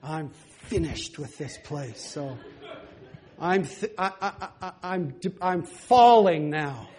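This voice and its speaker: A man telling a personal story in a sermon, animated and often laughing, and now and then singing a few lines. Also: on the high side, takes it slowly. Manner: animated, laughing storyteller who breaks into song. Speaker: preacher.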